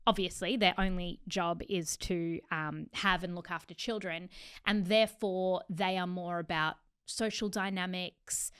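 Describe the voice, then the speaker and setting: A woman's voice: lowish voice, steady tone, a little slow, fairly bright tone, smooth. A woman co-hosting a podcast in casual chat, talking in a chatty way and often laughing mid-sentence. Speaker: podcast co-host.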